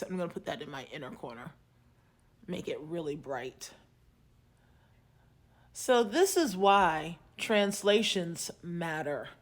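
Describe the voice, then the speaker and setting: Slow, deliberate woman professor. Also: mid-range voice. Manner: deliberate, teacherly retelling of a class exchange. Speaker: seminary professor. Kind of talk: casual storytelling while doing makeup.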